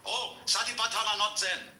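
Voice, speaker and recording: A man's voice: sits high, steady tone, moderate pace, sharp tone, echoey room, slight background noise, pitched above the performer's own voice. A man voicing a skinny, stubborn male Buddhist monk who talks in clipped, broken phrases. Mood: insistent.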